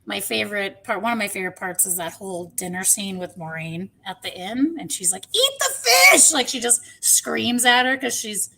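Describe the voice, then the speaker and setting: A woman guest on a podcast who talks frankly and chattily, with animated asides. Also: medium pitch, moderate pace, gravelly, few pauses, a little hiss or hum. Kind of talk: casual discussion.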